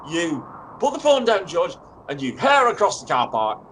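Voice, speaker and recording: An actor playing an excitable, rambling male radio talk show host in a comedy sketch, speaking from a radio studio. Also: fairly high pitch, normal speed, a little hiss or hum, rough recording. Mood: excited.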